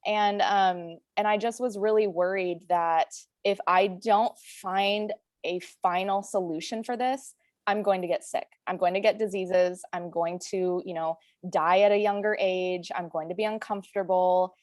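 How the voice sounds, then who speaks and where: A woman's voice: medium pitch, fairly even intonation, a little slow, a little mellow, no room sound, studio quality. A woman in her late twenties, a guest telling her own story in a frank, earnest way, with many "like"s and "you know"s. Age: 20s. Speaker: interview guest. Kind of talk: personal story in a recorded conversation.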